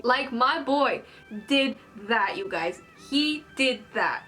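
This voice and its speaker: Young adult woman, high-ish voice, gushing anime fan rambling her weekly review. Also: takes it slowly. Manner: gushing, excitable fangirl rambling. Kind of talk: casual episode review while doing makeup.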